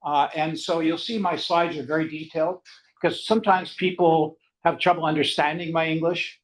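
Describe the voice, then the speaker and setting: An older man with a Canadian accent giving an academic seminar lecture in a fast, rambling, conversational way. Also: on the high side, flat delivery, a little hiss or hum, low-quality recording. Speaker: guest lecturer.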